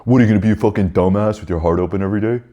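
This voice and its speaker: A man's voice: lowish voice, very fast, dark tone, muffled recording, natural voice. A man voicing his own scornful inner ego, sneering and profane as it mocks the idea of living openly.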